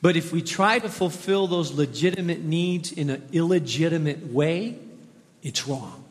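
High-voiced male pastor preaching. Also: unhurried, big-room sound. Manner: conversational, repeats for emphasis. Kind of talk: sermon. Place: church.

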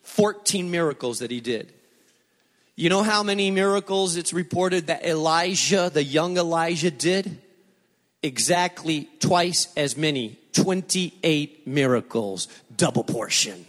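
Pastor guy preaching, pretty high voice, tells stories all worked up and repeats himself, big echoey church sound. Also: a little slow. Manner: animated storytelling preacher, emphatic and repetitive. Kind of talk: sermon. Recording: long reverb of a large hall.

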